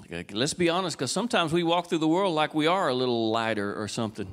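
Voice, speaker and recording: A man preaching a folksy sermon, asking the congregation questions and moving from quiet, casual talk to raised, urgent calls. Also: fairly high pitch, animated, fast talker, big-room sound. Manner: swings between soft conversational talk and raised, urgent exhortation. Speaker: pastor. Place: church sanctuary.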